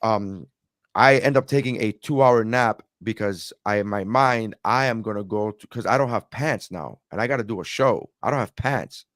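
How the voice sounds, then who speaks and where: A man's voice: lowish voice, moderate pace, a bit bright, dry recording, clean studio sound. A man co-hosting a podcast, telling a long, rambling travel story with many restarts. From immigrant to America. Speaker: podcast co-host. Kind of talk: casual storytelling chat.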